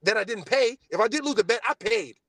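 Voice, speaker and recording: Young male podcast host, high and lively pitch, boastful and profane rant, dry close sound. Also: fast, dry recording. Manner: animated, boastful, profane, swings between loud and low mutters. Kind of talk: heated casual podcast rant.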